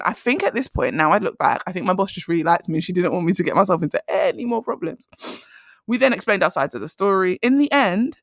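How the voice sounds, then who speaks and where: Podcast host, woman in her thirties, rapid and blunt, dry close recording. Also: on the low side, no room sound. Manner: animated, blunt, laughs often. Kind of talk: casual storytelling monologue.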